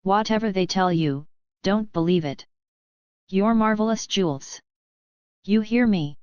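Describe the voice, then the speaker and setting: A woman reading the part of a confident, smirking young male warlock who speaks calmly and firmly. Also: mid-range voice, a little slow, clean tone, no echo, highs cut off, close to an everyday voice. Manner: calm, firm, knowing.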